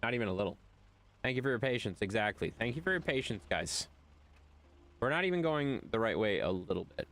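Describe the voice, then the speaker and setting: A man streaming a game live, chatting casually with his viewers, animated and playful with repeated phrases. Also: mid-range voice, a little fast.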